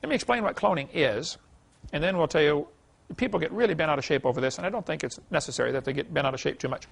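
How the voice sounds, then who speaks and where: A man's voice: fairly high pitch, fast talker, vocal fry. A man giving a folksy classroom lecture, telling anecdotes with chuckles and many "you know"s.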